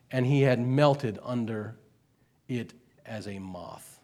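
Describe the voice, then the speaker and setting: A man preaching a sermon, swinging between quiet and loud and slowing on key words, repeating phrases for emphasis. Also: mid-range voice. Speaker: pastor.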